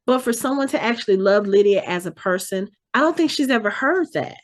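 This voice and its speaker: A woman on a casual podcast, retelling scenes with lots of energy. She slips into the characters' lines as she recaps, and her pitch sits in an ordinary middle range. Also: lively intonation, a little fast. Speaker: podcast co-host. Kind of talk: casual chat, episode recap.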